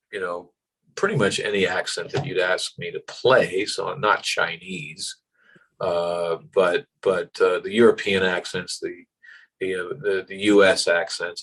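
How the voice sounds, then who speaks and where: A man's voice: deep voice, rough recording. An American actor being interviewed, talking animatedly with lots of fillers and acted-out voices in his stories. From United States. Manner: animated, acts out voices in anecdotes, frequent fillers. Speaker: actor guest. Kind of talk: casual interview.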